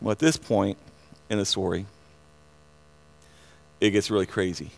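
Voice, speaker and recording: A man preaching a sermon, earnest, often repeating words and restarting, then building to loud excited passages. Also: on the low side, unhurried, gravelly. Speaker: pastor.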